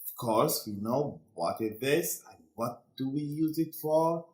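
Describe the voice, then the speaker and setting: A man teaching an English lesson, slowly reading true or false statements and going through the answers. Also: medium pitch, expressive, reverberant. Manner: slow, deliberate, quizzing students. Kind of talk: classroom lesson.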